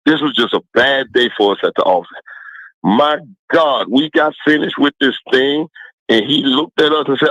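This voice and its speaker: A middle-aged man, a former football player, telling lively stories as a guest, laughing often and talking colloquially. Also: mid-range voice, moderate pace, dry recording, dull audio. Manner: animated, laughing storyteller with colloquial speech. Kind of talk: casual storytelling.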